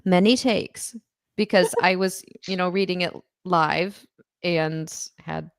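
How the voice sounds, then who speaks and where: A woman guest on a casual livestream chat, talking in quick, hesitant bursts. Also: on the low side, fairly even intonation, creaky, clean tone, dry recording, clean studio sound. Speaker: guest commentator.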